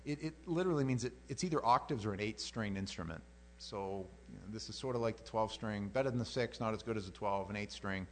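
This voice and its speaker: A man's voice: fairly low pitch, fast, a little hiss or hum. A man teaching verse by verse in an informal sermon, who acts out the scripture and chuckles as he goes. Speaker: Bible teacher.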